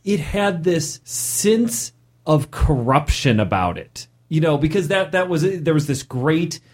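Podcast guest, man in his 40s, animated storyteller with a very lively pitch. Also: measured pace. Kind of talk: casual podcast chat.

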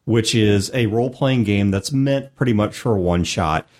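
A man hosting a tabletop gaming podcast in a relaxed, rambling chat. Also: on the low side, normal speed. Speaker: podcast host.

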